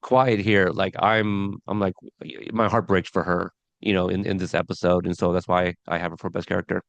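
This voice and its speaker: A man's voice: sits low, level tone, moderate pace, gravelly, no echo, dull audio. A man co-hosting a podcast review of a TV episode, talking casually with lots of fillers and restarts. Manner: chatty, many fillers and restarts.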